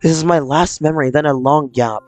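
Man voicing troubled young person, visual novel reading, quiet confessional delivery, faint game music behind. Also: fairly high pitch, brisk, no echo, lightly acted. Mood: subdued. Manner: reading game lines aloud, subdued and confessional. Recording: dry close mic, faint game music.

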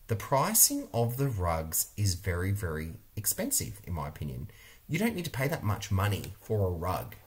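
A man's voice: low-pitched, huge pitch swings, moderate pace. A middle-aged man with an Australian accent, an interior designer giving blunt, emphatic opinions in a product review vlog. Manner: blunt, emphatic, repeats points for stress.

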